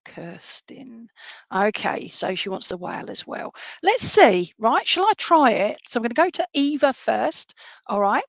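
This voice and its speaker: A woman's voice: a little high, sing-song, normal speed, no room sound. A woman psychic medium giving a chatty, rambling live-stream reading, full of fillers and restarts.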